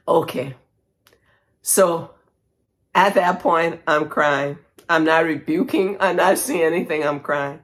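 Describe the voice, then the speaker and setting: A woman podcast host telling a personal faith testimony, emotional and animated, breaking into praise. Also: medium pitch, a little slow.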